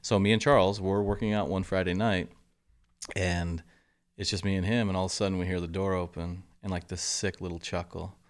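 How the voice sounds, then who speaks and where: A middle-aged man, a golf coach telling lively stories in an interview and acting out the quotes. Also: fairly quick. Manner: animated storyteller, acts out quotes, drops to a low murmur for asides. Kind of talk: casual interview storytelling.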